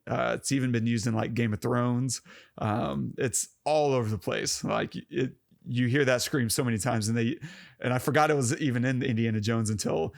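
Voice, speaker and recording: A man with a gravelly, fry-edged voice talks through a film in a relaxed podcast chat. He is enthusiastic and laughs easily, with plenty of ums and restarts. The sound is dry and close, with no room around it. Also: mid-range voice, moderate pace, dry recording. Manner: enthusiastic, laughs often, many fillers. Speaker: podcast co-host. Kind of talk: casual film discussion.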